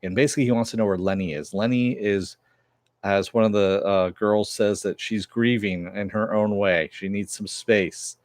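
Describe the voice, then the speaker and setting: A man's voice: lowish voice, fairly even intonation, normal speed, dry recording, studio quality. A man casually recapping and reviewing a TV episode, rambling with many fillers as he retells the plot.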